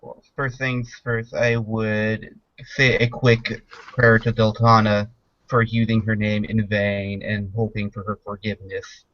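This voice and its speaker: A man playing a tabletop game who speaks calmly and matter-of-factly. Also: on the low side, measured pace. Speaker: player. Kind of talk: in-character speech. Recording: dry dull lo-fi audio.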